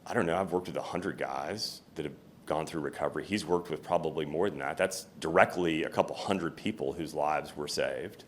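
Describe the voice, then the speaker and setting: Low-voiced guy on stage, candid and reflective, talks in restarts. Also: moderate pace, slight background noise. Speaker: company CEO, guest speaker. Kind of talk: fireside chat on stage. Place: room with an audience.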